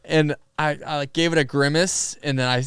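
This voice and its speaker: A young man and podcast guest telling stories in a casual, animated way, laughing often and using many fillers. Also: a little high, moderate pace, clean tone, no room sound, studio quality. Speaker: podcast guest, pro athlete. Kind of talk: casual storytelling conversation.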